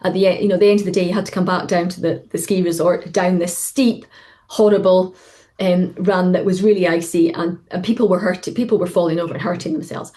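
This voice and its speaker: A middle-aged woman coach talks in a relaxed, chatty way over a video call. She slips into quoted voices as she tells stories from her work, with her pitch rising high for them. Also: a little fast. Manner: animated storytelling, acting out quoted voices. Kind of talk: casual webinar talk.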